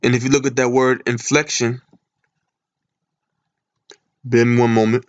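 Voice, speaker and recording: A man's voice: medium pitch, level tone, a little slow. Man teaching scripture over a dull recording. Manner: explains by asking and answering his own questions. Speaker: Bible teacher. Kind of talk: screen-share scripture lesson.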